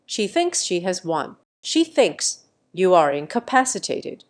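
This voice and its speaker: Woman reading as a calm, resolute old father. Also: on the low side, measured pace.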